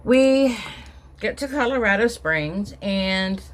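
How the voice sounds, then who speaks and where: A woman's voice: sits low, measured pace, a bit bright, slight background noise. A middle-aged woman telling a personal story in a casual vlog, rambling with many restarts and emotional asides. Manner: emotional, recounting being upset. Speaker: vlogger.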